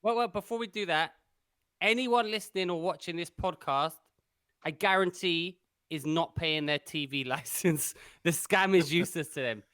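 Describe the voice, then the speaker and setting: A man banters on a comedy podcast with dry, mock-pompous interjections. His voice sits slightly high and sounds close and dry, with no room in it. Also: moderate pace, sharp tone, clean tone, no echo. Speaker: podcast co-host. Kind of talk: casual chat.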